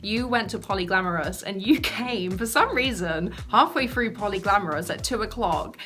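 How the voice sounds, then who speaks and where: A woman's voice: medium pitch, animated, normal speed, fairly bright tone, soft background music. A woman co-hosting a casual chat podcast, sassy and swearing, laughing often as she talks. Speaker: podcast co-host.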